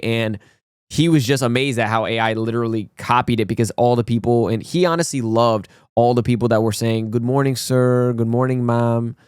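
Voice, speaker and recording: A man's voice: mid-range voice, smooth, dry recording, studio quality. A man hosting a reaction video, chatting in a casual, enthusiastic, slangy way that tends to ramble.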